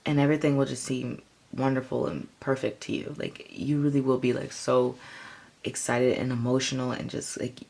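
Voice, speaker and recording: A woman's voice: extremely low pitch, flat delivery, normal speed, vocal fry, darkish tone. A woman giving a casual, rambling tarot reading, full of "like" and "um". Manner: rambling, filler-heavy, lots of "like" and "um". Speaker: tarot reader.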